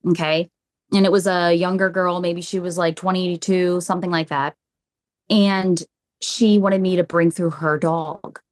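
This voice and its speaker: Low-pitched woman telling vivid stories. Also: a little slow. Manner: animated anecdotal telling, repeats phrases, acts out quotes. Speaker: psychic medium guest. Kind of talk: storytelling in a podcast interview.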